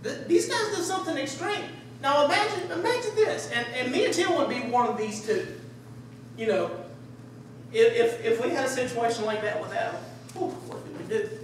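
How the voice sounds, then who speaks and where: A man giving a conversational sermon, animated and acting out the voices of people in the story. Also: very high voice, normal speed. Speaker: preacher. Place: church sanctuary. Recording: echoey room, distant mic, faint hiss.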